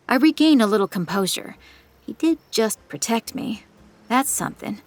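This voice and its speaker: A woman's voice: a little high, animated, moderate pace, dry recording. A woman narrating in the first person with tense, suspenseful delivery, on a close studio mic. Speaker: audiobook narrator.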